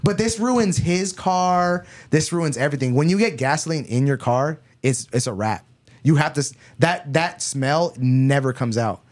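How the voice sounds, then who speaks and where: Animated, higher-voiced male storyteller. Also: moderate pace. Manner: animated, profane, laughing often. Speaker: podcast co-host. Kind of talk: casual storytelling chat.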